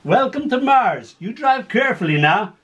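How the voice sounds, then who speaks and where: A man's voice: very high-pitched, sing-song, normal speed, a bit bright, slightly rough, highs cut off, voice pushed up, full character voice. A man voicing a drawling, snorting customs officer on Mars. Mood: mocking. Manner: dry drawl, snorting laughs.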